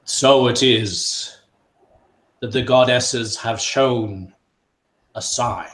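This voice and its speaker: A man voicing a stern male tribal chief, booming and authoritative, who speaks slowly with weighty pauses. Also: fairly bright tone, roomy sound. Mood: solemn. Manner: slow and solemn, with weighty pauses.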